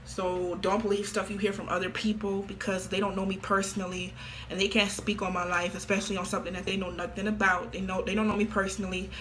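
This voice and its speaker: A woman's voice: mid-range voice, little pitch movement, fast, a bit bright, slight background noise. A woman in her late teens talking casually to camera, blunt and offhand. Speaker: vlogger.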